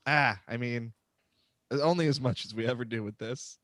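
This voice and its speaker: A man's voice: medium pitch, moderate pace, fairly bright tone, no room sound. A man hosting a live comedy podcast, joking and sarcastic, often trailing off into mumbles. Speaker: podcast host.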